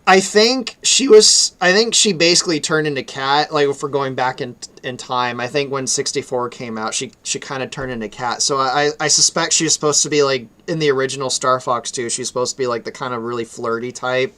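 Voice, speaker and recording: A man's voice: mid-range voice, fairly even intonation, a little fast, hardly any pauses, sharp tone. An American man hosting a live stream, chatting casually about his fan game and laughing often. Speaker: stream host and game developer.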